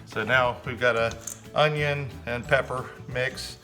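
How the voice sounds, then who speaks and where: A man's voice: medium pitch, fairly even intonation, a little slow. Man, home cook, casual chatty narration, fillers, background music.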